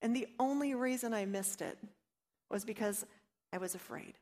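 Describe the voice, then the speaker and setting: A woman's voice: a little high, moderate pace, warm tone. A woman giving an earnest devotional teaching, mixing personal stories with scripture and voicing her own inner doubts. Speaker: Bible study teacher.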